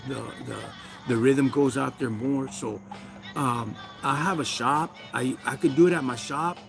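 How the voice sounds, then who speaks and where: A man's voice: medium pitch, measured pace, vocal fry, over music. A man with a Chicano accent hosting a casual livestream, ranting in street slang and talking back to his chat. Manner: slangy, preachy, talks to chat. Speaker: livestream host. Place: backyard.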